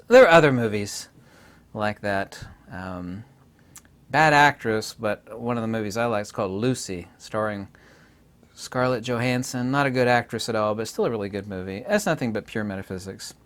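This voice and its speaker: A man of middle pitch holds forth alone in an unscripted talk, sure of himself and given to digressions. He often jumps suddenly higher and louder to hammer a point home. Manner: emphatic, digressive, self-assured, with sudden bursts of higher, louder delivery. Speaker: channel host lecturing on philosophy. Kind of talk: unscripted solo monologue.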